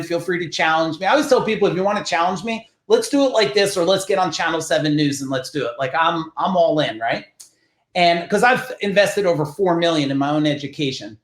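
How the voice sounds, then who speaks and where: A man's voice: sits high, roomy sound. Blunt, profane New Jersey man. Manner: blunt and profane, animated storyteller. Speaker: guest, business founder. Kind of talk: casual podcast storytelling.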